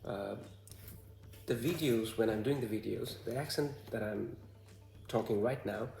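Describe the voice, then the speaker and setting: A man with a Bhutanese accent speaks in a low, dark, mellow tone with a gravelly edge. He talks to the camera haltingly and stops often on fillers. The room around him sounds echoey. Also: soft background music. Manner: hesitant, halting, with many fillers. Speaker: vlogger. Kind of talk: casual talk to camera.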